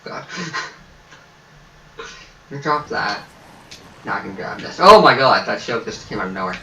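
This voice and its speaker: Goofy swearing gamer guy, bright voice, kinda far from the mic in an echoey room. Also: lowish voice, moderate pace, creaky, a little hiss or hum. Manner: goofy, swearing, talks to himself. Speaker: gameplay streamer. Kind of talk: casual let's-play commentary.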